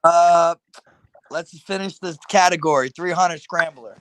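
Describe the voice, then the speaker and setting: A man's voice: fairly high pitch, measured pace, a bit bright, clear, resonant tone. A man competing as a quiz contestant, trash-talking and protesting rulings. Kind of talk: casual banter on a game show.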